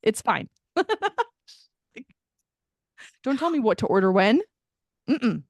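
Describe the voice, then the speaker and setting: A woman's voice: a little high, sing-song, slow pace, a little mellow, dry recording. A woman co-hosting a podcast, telling a story in casual chat with lots of laughter, acted-out quotes and swearing. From American Midwest. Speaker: podcast co-host.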